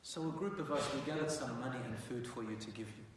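A man telling a dramatic story as a sermon, going from hushed lines to loud, animated ones. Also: medium pitch, fast, far from the mic, a little hiss or hum. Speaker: preacher. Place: mosque prayer hall. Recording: echoey hall, mic from afar.

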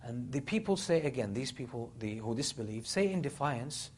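A man giving a sermon, retelling a story with animated, dramatic quotes of the people in it. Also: medium pitch, moderate pace, husky. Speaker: Islamic preacher.

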